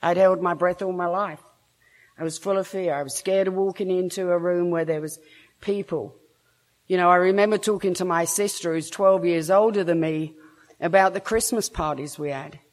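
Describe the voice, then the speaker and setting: A woman's voice: fairly low pitch, fairly even intonation, normal speed. A woman with an English accent, frankly and self-mockingly telling her own story to a recovery meeting, laughing now and then between lines. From England. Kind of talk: personal story told to a meeting.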